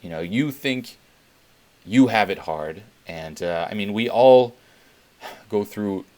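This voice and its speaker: A man's voice: on the low side, expressive, slow pace, darkish tone. A man talking casually in a self-help vlog, rambling with lots of fillers and blunt swearing. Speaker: self-help video host.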